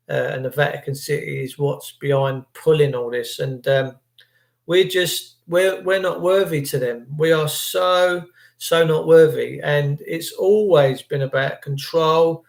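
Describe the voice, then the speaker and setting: Older man, livestream host, emotional rambling preaching, stumbles on words, fairly high voice, echoey room. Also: gravelly. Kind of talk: impassioned rambling livestream monologue.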